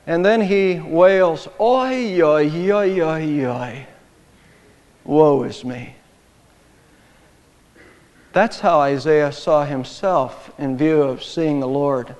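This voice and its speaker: A high-voiced male pastor preaching in a church. His emphatic delivery climbs in volume on the key lines. The sound carries a long hall reverb. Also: darkish tone. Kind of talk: sermon.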